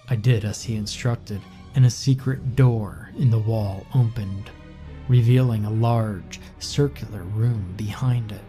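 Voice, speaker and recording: A man narrating a horror story in a slow, measured, somber scripted read. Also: fairly low pitch, fairly even intonation, warm tone. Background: faint music.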